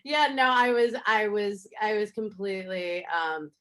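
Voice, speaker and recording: A woman filmmaker speaks over a video call in a casual interview, chatty and animated. Her voice sits at a middle pitch, and her story spills out with plenty of fillers and restarts. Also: measured pace. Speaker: filmmaker guest.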